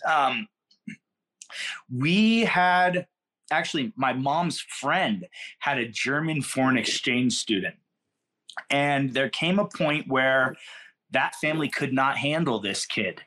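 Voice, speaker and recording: On a podcast interview, a middle-aged man from California rambles through casual stories, relaxed and full of slang. His voice sits on the high side and sounds sharp.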